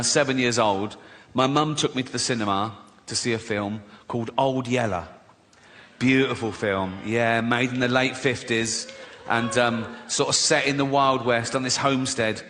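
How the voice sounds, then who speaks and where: A man's voice: mid-range voice, normal speed, fairly bright tone, big-room sound. A man, a comedian, telling comic stories, swearing freely and laughing at his own jokes. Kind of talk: stand-up style comic storytelling.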